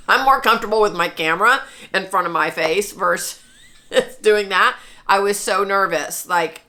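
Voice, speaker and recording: Woman vlogger in her forties, unhurried and bright-toned, telling a personal story to camera in an earnest, chatty way. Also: mid-range voice. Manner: earnest, chatty, with laughs and restarts.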